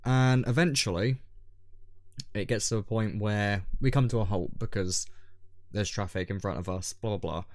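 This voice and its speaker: A man's voice: fairly low pitch, a little mellow, no room sound, studio quality. A young man from Scotland, co-hosting a podcast, telling a long story in casual chat, full of ums and restarts. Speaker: podcast co-host.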